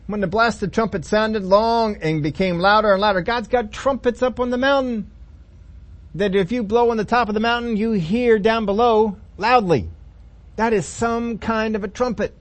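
A man preaching a sermon in a folksy, humorous storytelling manner, voicing the people in the story as he goes. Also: sits high. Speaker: pastor.

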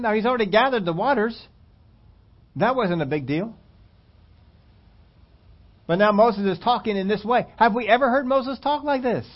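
Male preacher, animated storyteller, slightly high voice, dull recording. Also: moderate pace, long pauses. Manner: animated storytelling, emphatic repetition. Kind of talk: sermon with scripture reading.

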